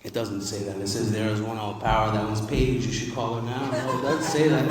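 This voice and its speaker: A man's voice: fairly low pitch, fairly even intonation, a little fast, hardly any pauses. Emphatic man speaking in an echoey hall. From New York. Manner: emphatic, repetitive, humorous storytelling. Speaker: recovery convention speaker. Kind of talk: recovery talk to a live audience. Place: large convention hall. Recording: far-off mic in an echoey hall.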